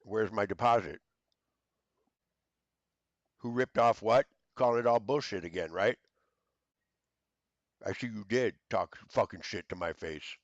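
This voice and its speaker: Angry swearing man, low voice. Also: normal speed, long pauses, no echo, lo-fi sound. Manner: shouting accusations, stammering fillers, heavy cursing. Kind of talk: angry profane rant to camera.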